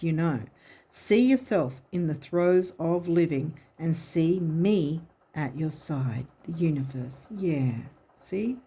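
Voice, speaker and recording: A woman with a low, husky voice gives a casual tarot reading to her viewers. She talks in a chatty, encouraging way and often breaks off mid-phrase to start again. Her tone stays warm and soft rather than bright. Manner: chatty and encouraging, rambling with frequent restarts. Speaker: tarot and astrology reader.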